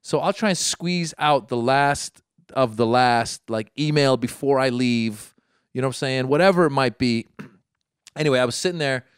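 A man from Iran, a doctor, telling a long story in casual chat, rambling, repeating himself and jumping high when he acts out his own thoughts. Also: normal speed, smooth, no echo, studio quality.

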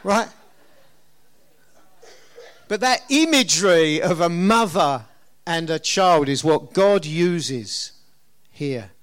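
A man's voice: on the high side, animated, slow pace, fairly bright tone. A middle-aged man preaching a sermon in a conversational way, often asking his listeners questions. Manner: conversational, asks the congregation questions.

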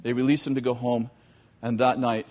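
A man telling a long story in a sermon, animated, with joking asides to his audience. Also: mid-range voice, moderate pace. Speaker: youth teacher.

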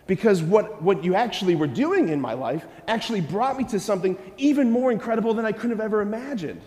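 Animated high-voiced man preaching in a church. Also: fast, long reverb tail. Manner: animated, acts out prayers in a raised voice, engages listeners with questions. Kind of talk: sermon to a church audience.

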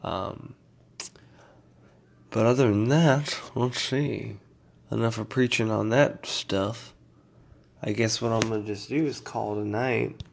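Gravelly laid-back man rambling. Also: lowish voice, steady tone, takes it slowly, pauses often. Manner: laid-back, meandering, filler-heavy. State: tired, yawning. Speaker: vlogger. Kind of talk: casual rambling update.

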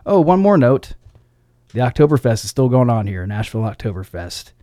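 A man's voice: medium pitch, big pitch swings, a little fast, mellow, no room sound. A man hosting a casual radio show on a studio microphone, reading record sleeve notes aloud in a laid-back way and chuckling at his own slips. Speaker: radio DJ host.

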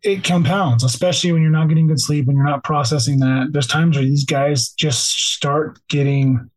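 Husky-voiced man, earnest podcast guest. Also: fairly high pitch, fairly even intonation, normal speed, rough recording. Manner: earnest, explanatory, repeats himself as he goes. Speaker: guest, law enforcement officer. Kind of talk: podcast interview.

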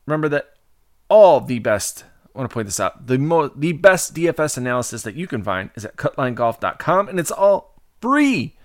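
Jokey podcast host dude, swoopy voice, dry close mic. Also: male voice, fairly high pitch, no room sound. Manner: animated and jokey. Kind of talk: casual betting-podcast talk.

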